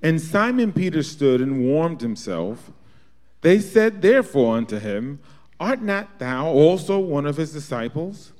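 Man reading scripture aloud, lively pitch. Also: unhurried. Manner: reads archaic verses steadily. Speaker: scripture reader in class.

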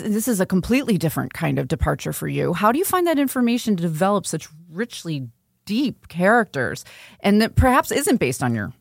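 A woman's voice: lowish voice, no room sound, studio quality. A woman hosting an interview, asking questions and responding with enthusiastic praise. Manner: enthusiastic, warmly encouraging interviewer. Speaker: interview host.

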